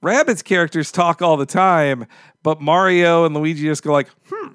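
A man as a podcast guest, telling stories in an enthusiastic, animated way. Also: on the high side, normal speed, smooth, no echo, clean studio sound. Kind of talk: casual podcast chat.

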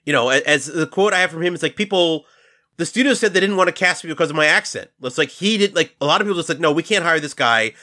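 Man, podcast host, casual movie chat, storytelling, bright, slightly high. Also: fast talker. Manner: storytelling, addresses listeners.

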